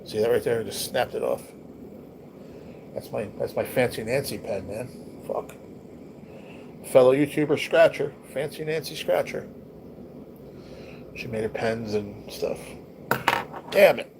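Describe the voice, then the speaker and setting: Speaking a little slowly with vocal fry and frequent pauses, this mid-range male voice belongs to a livestream host. He rambles at his viewers in a blunt, profane way, full of slang, while background noise is clearly audible.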